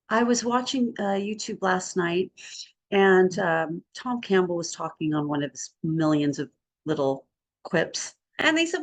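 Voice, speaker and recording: A middle-aged woman in a casual spiritual group talk, sharing a personal story in an earnest, rambling way. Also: mid-range voice. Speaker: group discussion participant.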